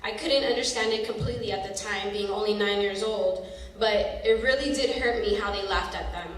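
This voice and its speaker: A woman's voice: mid-range voice, brisk. Woman storyteller in an echoey hall. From San Francisco, USA. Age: 30s. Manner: expressive, dramatic storytelling. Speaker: storyteller performer. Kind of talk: spoken-word personal storytelling. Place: theater stage. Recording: echoey hall from far off, faint noise.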